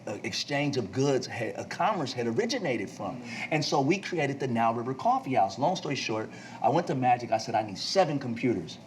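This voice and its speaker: Man, 40s, talk-show guest, lively storyteller who does the voices in his anecdotes. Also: medium pitch, slight background noise, low-quality recording. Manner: animated storyteller acting out dialogue. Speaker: actor and entrepreneur.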